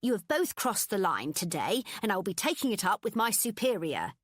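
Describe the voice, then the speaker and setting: A woman voicing a stern, prim middle-aged shop manager who speaks slowly and stiffly. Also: mid-range voice, sing-song, dry recording, clean studio sound, voice pushed up.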